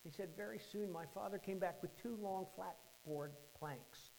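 A man preaching, telling a story with dramatic swings from hushed to loud. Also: sits high, moderate pace, creaky, rough recording. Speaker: pastor. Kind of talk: sermon storytelling.

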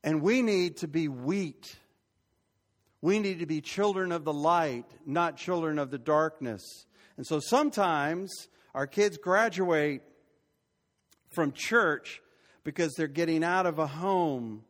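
A man's voice: a little high, takes it slowly. An older man preaching a sermon as pastor, conversational and rising to emphatic peaks. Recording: long hall reverb.

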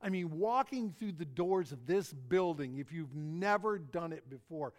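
A man's voice: fairly high pitch, expressive, a little slow. A middle-aged man preaching a sermon, telling a personal story in a folksy, anecdotal way and repeating his phrases. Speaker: pastor.

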